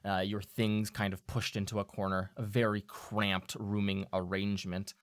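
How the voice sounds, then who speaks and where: A man's voice: fairly low pitch, flat delivery, normal speed, dry recording. A man narrating a tabletop game as game master, loose and full of fillers.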